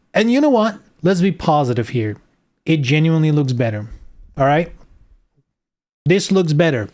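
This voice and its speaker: A man's voice: on the high side, darkish tone. A man streaming live, reading game news aloud and ranting about it sarcastically, swearing often.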